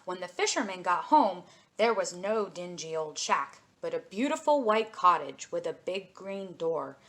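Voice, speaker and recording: A woman librarian reading a fairy tale aloud to children in an expressive, sing-song storytelling manner. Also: on the low side.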